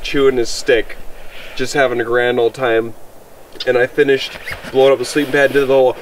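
A young man vlogging on a wilderness camping trip, talking casually to the camera and coaxing his dog in high, excited calls. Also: fairly quick, far from the mic, slight background noise, low-quality recording. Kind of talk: casual outdoor vlog talk to camera and dog. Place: outdoors in the woods at a campsite.

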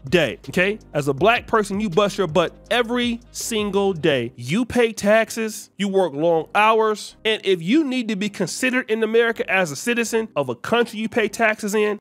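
A man's voice: sits high, animated, moderate pace, few pauses, a bit bright, faint music behind. A man hosting his own channel, delivering a heated, ranting opinion monologue with repeated emphatic lines. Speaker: commentary channel host.

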